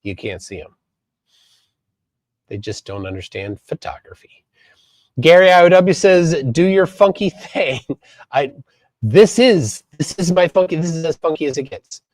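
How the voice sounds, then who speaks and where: A man from Minnesota hosting a live stream, reading chat aloud and commenting in a halting way with many fillers. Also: on the high side, lively intonation, a little mellow, no echo. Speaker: livestream host.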